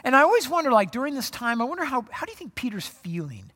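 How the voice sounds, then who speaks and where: A pastor preaching a sermon in a church, casual and animated, acting out the dialogue with laughs. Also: high voice, fast talker. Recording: long reverb from a hall.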